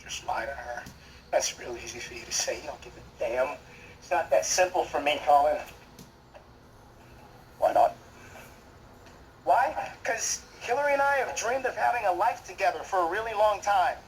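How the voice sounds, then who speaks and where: A man's voice: high voice, lively intonation, moderate pace, long pauses, slight background noise, poor audio. An actor in a TV drama, playing a man who talks in a defensive, guilt-ridden, pleading way. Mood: anguished. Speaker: soap opera character. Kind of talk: TV drama acting.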